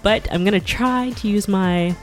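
A woman hosting her own podcast in a casual, chatty way, rushing her words and slipping in awkward giggles. Her pitch sits mid-range for a woman, and soft music plays faintly beneath her. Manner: talks very fast with awkward giggles. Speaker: podcast host, flight attendant. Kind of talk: casual solo podcast chat. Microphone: podcast mic at a laptop setup.

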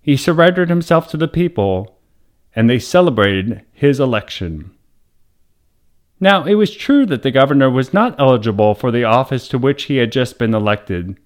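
A man, a priest hosting the show, reading a wholesome story aloud in a measured, dramatic storytelling voice. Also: mid-range voice, animated. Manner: measured, dramatic storytelling with raised voice for quoted shouts. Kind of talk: scripted story narration.

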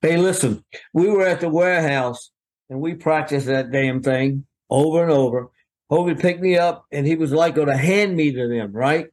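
An older man spins a rambling, folksy story as a guest. His voice sits a little high, and he jumps into quoted voices as he goes. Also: moderate pace, a little mellow. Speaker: guest, veteran wrestling referee.

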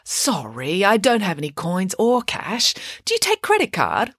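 A woman's voice: medium pitch, wildly swooping pitch, unhurried, fairly bright tone, husky, no echo, studio quality, heavily acted. A woman doing a cunning sweet-talking schemer. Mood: innocent. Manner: falsely polite, wheedling.

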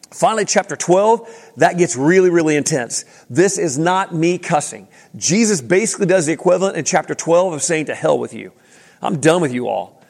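A man preaching a sermon in a casual, animated way, with slang and restarts. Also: sits high. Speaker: pastor. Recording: long hall reverb.

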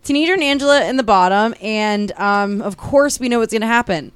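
Young woman co-host, higher voice, dry close-miked sound, casual and chatty. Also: expressive, a little fast, smooth, no echo. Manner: chatty, swears casually, laughs often. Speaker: podcast co-host. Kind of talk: casual recap chat.

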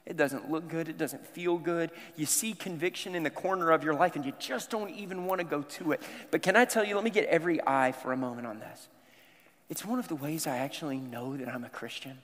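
The long echo of a church hall surrounds this male pastor from the American South as he preaches conversationally to his congregation in a large sanctuary. He talks fairly quickly, at a fairly high pitch with a slightly bright tone.

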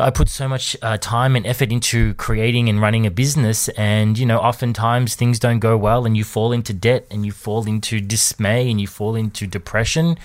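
Hesitant man in his thirties. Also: medium pitch. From Australia. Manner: hesitant, restarts and repeats words, soft laughs. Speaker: vlogger. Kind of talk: candid personal monologue.

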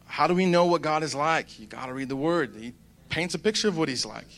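A man's voice: on the high side, expressive, a little fast, a bit bright. Rambling young man with a raised voice. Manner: rambling, conversational, with many fillers. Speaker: Christian speaker. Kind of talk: casual devotional talk.

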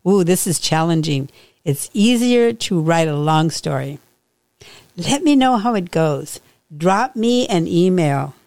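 A woman podcast host and author reading her own novel aloud in a slow, unhurried storytelling manner. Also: fairly low pitch, lively intonation, darkish tone, dry recording.

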